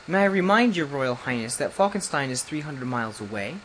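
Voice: sing-song, brisk, a bit bright, a little hiss or hum, poor audio. A reader doing a flustered, fussy ambassador lord. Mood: worried formality. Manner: formal, flustered, rising to shrill alarm.

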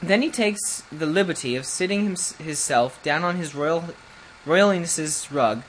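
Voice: medium pitch, animated, a little slow, fairly bright tone, a little hiss or hum, low-quality recording. A reader voicing a nervous, bumbling under butler who speaks in broken rustic grammar and stumbles over words in a storybook reading. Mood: nervous storytelling.

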